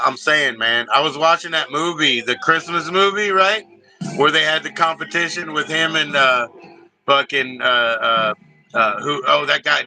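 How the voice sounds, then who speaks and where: Man ranting, very bright tense voice. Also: fairly high pitch, poor audio. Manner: profane, rambling, heated. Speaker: livestream host. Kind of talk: casual livestream rant.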